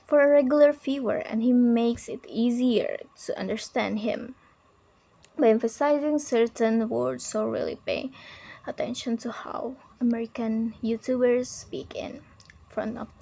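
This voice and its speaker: A woman's voice: fairly high pitch, vocal fry, a little mellow, slightly rough, rough recording. A woman shadowing a pronunciation lesson, putting strong stress on key words as she explains tips. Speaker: language learner shadowing a teacher.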